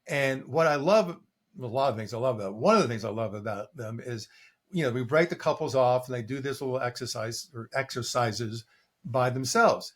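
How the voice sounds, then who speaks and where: An older man, a coach being interviewed, telling stories in a lively way and acting out what his clients say. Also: medium pitch, moderate pace. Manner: animated storytelling, acting out quoted clients. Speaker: coach and guest. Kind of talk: conversational interview answer.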